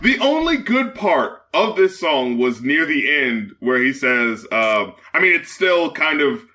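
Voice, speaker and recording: A man co-hosting a casual podcast chat about music, excitable, mocking and laughing often. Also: a little high, measured pace. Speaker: podcast co-host and music critic.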